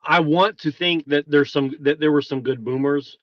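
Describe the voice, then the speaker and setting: A man's voice: on the high side, steady tone, normal speed, dry recording, muffled recording. A man talking in a hesitant, thoughtful way in casual podcast chat, often restarting his sentences.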